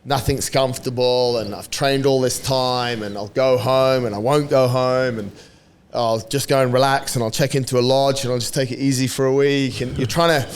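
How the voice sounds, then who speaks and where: A man's voice: mid-range voice, steady tone, normal speed, clear, resonant tone. A man in a podcast interview, telling a story in a casual way. He laughs often, swears and acts out what others said. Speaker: podcast guest.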